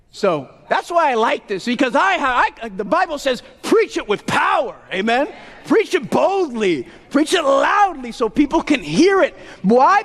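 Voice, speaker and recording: A Puerto Rican man preaching a sermon loudly and emphatically, calling to the congregation for answers. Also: extremely high pitch. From Puerto Rico. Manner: loud, emphatic call-and-response preaching. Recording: long hall reverb.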